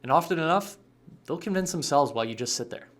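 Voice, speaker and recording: A man's voice: a little high, expressive, quick pace. A man giving scripted sales coaching narration with a punchy, emphatic delivery. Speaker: sales trainer.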